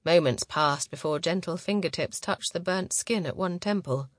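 A woman reading a novel aloud as narrator, in a measured, close and intimate way. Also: lowish voice, no echo. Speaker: audiobook narrator. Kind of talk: scripted narration.

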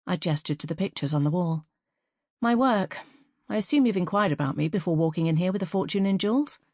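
A woman narrating a first-person fantasy story as an audiobook reader, in a measured, even storytelling manner. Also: lowish voice, no echo, clean studio sound.

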